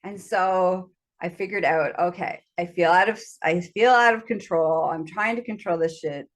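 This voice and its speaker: A woman's voice: on the low side, normal speed. A woman host telling a candid personal story, frank about sex, laughing often and acting out her own panic in quoted asides. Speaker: podcast host.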